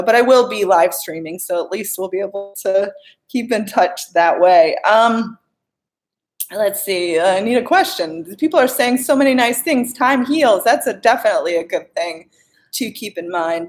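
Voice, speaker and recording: Chatty woman coach answering live questions. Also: medium pitch. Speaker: life coach. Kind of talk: live-stream Q&A.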